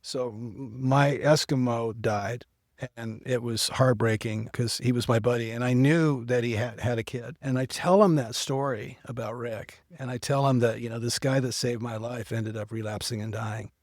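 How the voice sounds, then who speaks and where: A man's voice: mid-range voice, fairly even intonation, moderate pace, a little mellow, no room sound, studio quality. A middle-aged man, a podcast guest, telling his personal story in casual talk, acting out the people he quotes. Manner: earnest storytelling with quoted dialogue.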